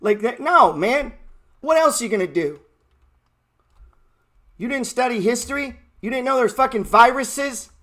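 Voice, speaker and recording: A man's voice: very high voice, lively intonation, a little slow, long pauses, bright, forceful tone. A man in his thirties hosting a trading show, giving a blunt, mocking, profane motivational rant. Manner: blunt, brash and mocking, heavy swearing.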